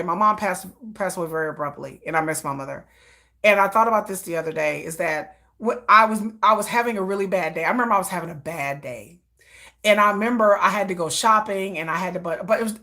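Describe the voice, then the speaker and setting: A woman hosting a livestream, chatting casually and telling animated personal stories, acting out quotes and laughing often. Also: medium pitch. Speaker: livestream host. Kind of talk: casual chat.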